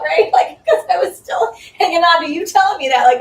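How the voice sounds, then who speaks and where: A woman hosting a casual spiritual talk, telling stories with lively energy and acting out her own past reactions. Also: extremely high pitch, a little fast, few pauses. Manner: animated storytelling, acts out her own past voice. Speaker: ministry host. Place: room with small live audience. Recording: roomy, distant mic with faint noise.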